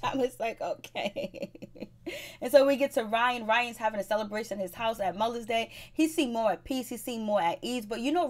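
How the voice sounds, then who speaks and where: A woman recapping a reality TV episode in a chatty, gossipy way, with blunt advice to viewers. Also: fairly high pitch. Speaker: TV show recap host. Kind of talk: casual recap commentary.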